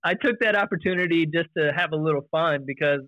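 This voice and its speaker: A man's voice: fairly high pitch, fast talker, fairly bright tone, no room sound, highs cut off. A man co-hosting a podcast, chatting casually and teasing the guest. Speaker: podcast co-host and umpire. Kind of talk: casual chat.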